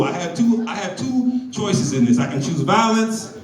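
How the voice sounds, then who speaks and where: A foul-mouthed stand-up comedian in his forties tells stories on a club stage, and his fairly high voice swings up and down. The room sounds echoey, and the mic catches him from a distance. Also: moderate pace. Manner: profane, animated storytelling.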